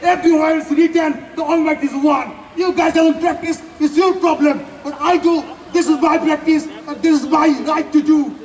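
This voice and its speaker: A man giving an impassioned protest speech, shouting indignant rhetorical challenges again and again at an outdoor rally. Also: very high-pitched, fairly even intonation, moderate pace, hardly any pauses. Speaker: protest speaker. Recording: echoey distant rally recording. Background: faint crowd and ambient noise.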